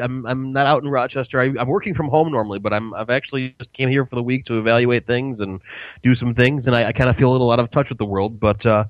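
A man's voice: mid-range voice, fast talker, dry recording, lo-fi sound. A man from the United States co-hosting as a guest on a radio show, chatting casually with a wry, easygoing manner. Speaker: guest co-host.

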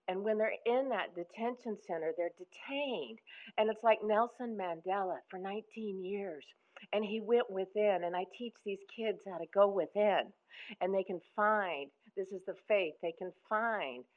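A woman from Texas sharing her story in an audio chat room, emotional and enthusiastic, rambling a bit. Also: fairly low pitch. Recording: phone-like line.

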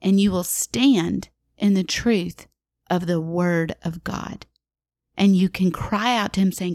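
Warm-hearted woman guest speaker, forties; slow, intimate teaching that slips into whispers, recorded dry. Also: mid-range voice, dry recording. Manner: earnest and intimate, asking the listener questions and dropping to a whisper. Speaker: guest speaker on a Christian parenting podcast.

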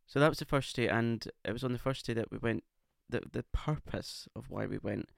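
A man's voice: mid-range voice, a little fast, creaky, dry recording, studio quality. A man co-hosting a casual podcast, camp and playfully teasing. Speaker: podcast co-host. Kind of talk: casual chat. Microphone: podcast microphone.

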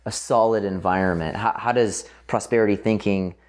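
A man's voice: lowish voice, steady tone, normal speed. A man hosting a podcast, asking questions in a loose, chatty way with lots of filler words. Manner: loose, laughs often, fills with "like". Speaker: podcast host. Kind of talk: casual interview chat.

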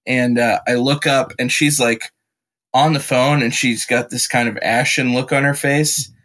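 A young adult man tells a long story in easy conversation, at an ordinary pitch. He acts out the people in it and drifts between quick and drawn-out phrasing. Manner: animated storyteller, slips into voices. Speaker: podcast guest, musician and actor. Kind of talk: casual chat.

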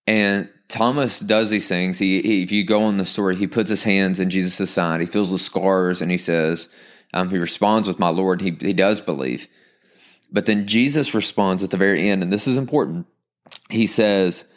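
A young adult man preaching a sermon in a conversational, animated way, reading scripture and acting out quick asides. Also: low voice. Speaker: pastor.

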